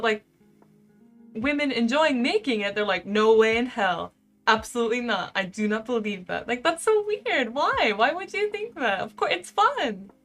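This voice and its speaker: A young woman in her twenties, a live-streamer, chatting casually and reading out viewer comments in an animated way. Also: a little high. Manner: chatty and animated, heavy use of "like".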